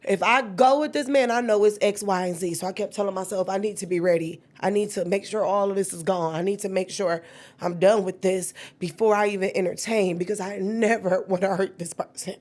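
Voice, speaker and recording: A woman, telling her own story with candid feeling and acting out the quoted dialogue. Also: fairly quick. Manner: animated, acts out quoted dialogue with sudden high-pitched bursts.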